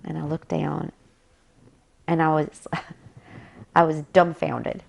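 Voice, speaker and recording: American woman, deep voice with lots of fry, telling a story and acting out the dialogue. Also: flat delivery, slow pace, darkish tone. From United States. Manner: recounts dialogue vividly, quoting both sides. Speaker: interview guest. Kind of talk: storytelling anecdote.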